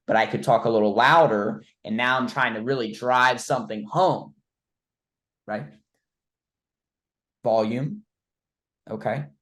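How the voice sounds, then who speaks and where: A man leading a sales training session, quizzing his trainee and demonstrating changes of pace and loudness as he teaches. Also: mid-range voice, reverberant, low-quality recording. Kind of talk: coaching session on voice tonality.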